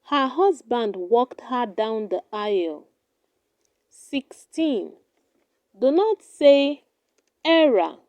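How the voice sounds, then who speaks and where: A woman with a high but mellow voice reads a pronunciation lesson at a very slow, deliberate pace, saying each word twice. The recording is dry and close, with no room sound. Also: very animated, dry recording. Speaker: pronunciation teacher. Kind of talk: slow scripted pronunciation drill.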